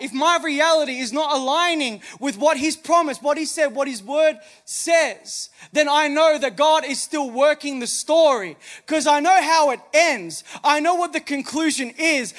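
A man's voice: very high-pitched, fairly bright tone. A man preaching a sermon as pastor on a church stage, emphatic, with many rhetorical questions.

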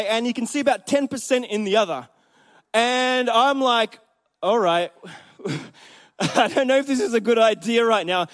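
In a high voice, a man preaches a sermon in a church, animatedly telling a story and speaking straight to the congregation.

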